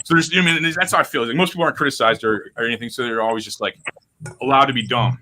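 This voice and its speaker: A man's voice: medium pitch, very fast, pushed and bright. A man hosting a casual podcast chat, rambling and profane as he riffs on stories. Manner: rambling, profane, restless riffing. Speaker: podcast host.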